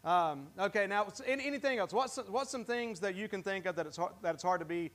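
A man's voice: high voice, animated, fairly bright tone. A pastor giving a sermon in church, talking conversationally, often restarting his sentences and asking the congregation questions. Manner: halting, with many restarts. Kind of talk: interactive sermon.

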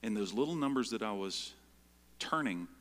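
Man preaching with a bright, forceful voice. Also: fairly low pitch, expressive, normal speed, big-room sound. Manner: conversational, keeps asking "right?" of listeners. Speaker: pastor. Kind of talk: sermon with personal storytelling.

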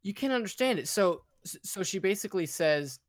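A young man co-hosting a casual podcast, telling a story in a hurried, stumbling way. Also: sits high, animated, dry recording. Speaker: podcast co-host. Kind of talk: casual chat.

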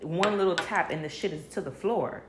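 A young adult woman hosting a podcast, telling a story in a casual, animated way, laughing often and swearing freely with slangy asides. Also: fairly low pitch, brisk, background noise. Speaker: podcast host.

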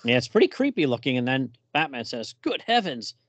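Speaking quickly in a mid-range voice, a man walks through a comic book on a casual podcast he co-hosts, reading the characters' lines with spirited emphasis. There's no echo on the audio.

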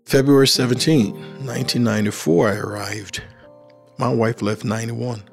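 A middle-aged Liberian man with a creaky, mid-range voice speaks at normal speed in a Liberian accent. He shares his life story animatedly, dramatizing the dialogue he quotes, over faint background music.

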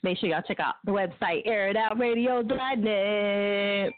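A woman's voice: mid-range voice, measured pace. Blunt, profane woman radio host on a tinny line. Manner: blunt, profane, laughing often. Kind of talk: casual talk radio rant. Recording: dry, phone-like lo-fi line.

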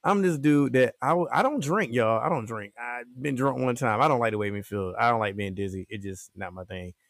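A man's voice: mid-range voice, brisk, no room sound, clean studio sound. A man, a guest comedian, talking in a rambling, casual way. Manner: rambling, many fillers and restarts. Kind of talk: casual interview chat.

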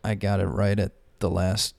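A man in casual chat, telling small stories in a mild, deadpan way and getting a bit defensive. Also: low-pitched, normal speed, creaky, no echo.

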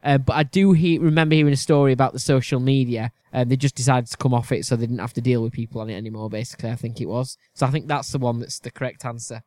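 A man's voice: mid-range voice, steady tone, quick pace, hardly any pauses, mellow, dry recording. A man answering quiz questions in casual chat, thinking aloud hesitantly. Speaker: quiz contestant and co-host.

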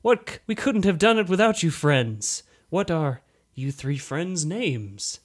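Casting: a man doing a short brawny villager, pitched way up, loud and overjoyed. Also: very animated, unhurried.

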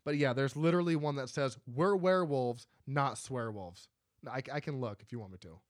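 A man co-hosting a casual film chat, excitable and swearing a lot as he talks. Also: mid-range voice, moderate pace, dry recording, studio quality. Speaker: podcast co-host.

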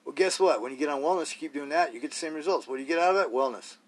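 A man's voice: fairly high pitch, rapid-fire, husky. A man hosting a solo podcast, talking bluntly and rawly in a rambling way, full of rhetorical questions. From Idaho, US. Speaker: podcast host.

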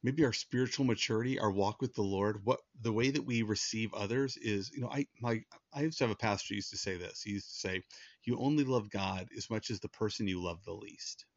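A man's voice: on the low side, fairly quick, no room sound. Earnest man preaching, dry and muffled. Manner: earnest, conversational with frequent restarts. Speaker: pastor. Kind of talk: sermon.

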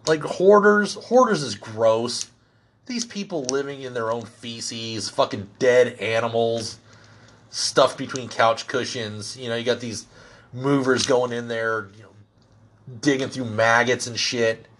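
A man's voice: medium pitch, unhurried, a little hiss or hum. Blunt, profane middle-aged man ranting. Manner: blunt, crude, heavy swearing, animated. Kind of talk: profane comedic rant.

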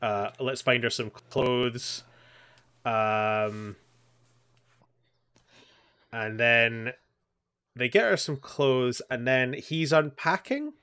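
A man with a bright, forceful voice at a middling pitch chats through scenes of a show, rambling and swearing as he goes. He acts out quoted lines in passing as a podcast co-host. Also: drawn-out words, long pauses, clean tone. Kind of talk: casual chat recapping an anime.

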